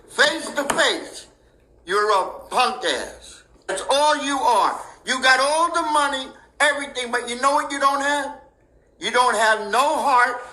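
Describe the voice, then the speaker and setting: A man in his eighties speaking straight to the camera in a gruff, taunting, blunt way. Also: very high-pitched, sharp tone, roomy sound, low-quality recording. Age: 80s. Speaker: father speaking in a video. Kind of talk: angry direct address to camera.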